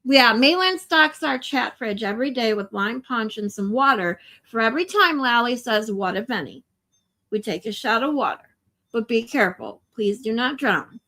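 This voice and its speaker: A woman's voice: a little high, animated, normal speed, sharp tone. A woman hosting a casual livestream, talking to viewers in an emotional, chatty way with a lot of swearing. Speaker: livestream host.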